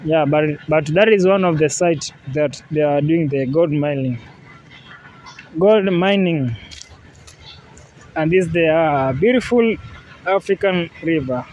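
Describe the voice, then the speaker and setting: A man casually narrating a travel vlog outdoors by a river. He talks in a relaxed way, repeats himself, and often says "yeah, man.". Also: fairly high pitch, takes it slowly, long pauses, poor audio. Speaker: vlogger. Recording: faint outdoor noise.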